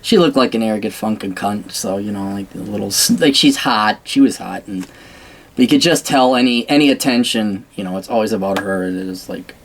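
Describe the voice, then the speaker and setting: A man's voice: fairly low pitch, fairly quick. Blunt, profane ranting man. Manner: frequent throat clearing. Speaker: commentator. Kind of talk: casual ranting monologue.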